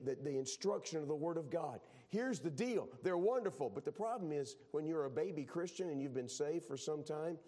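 A man's voice: on the high side, mellow. A man from Texas preaching a sermon as a pastor, talking in a conversational way and often restarting his phrases.

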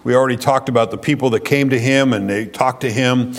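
A man preaching a conversational Bible lesson, folksy and halting, with frequent fillers and restarts. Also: medium pitch, fairly even intonation.

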